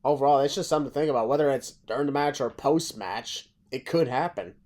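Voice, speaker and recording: A man's voice: mid-range voice, fast talker, a little mellow. A man in casual podcast chat, playful and teasing. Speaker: podcast guest.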